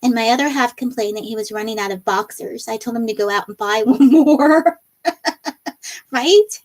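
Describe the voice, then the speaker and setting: A woman with a slightly high, darkish voice at a moderate pace hosts a casual live stream while crafting. She reads viewer comments aloud and laughs often, and her nose is a little runny.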